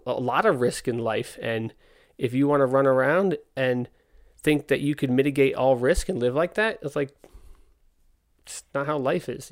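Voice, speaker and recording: A man's voice: mid-range voice, vocal fry. A young man, a podcast host, telling a story in casual, candid talk, exasperated, and acting out the dialogue. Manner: candid, exasperated, acts out dialogue in quick quotes. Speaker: podcast host, skate park owner.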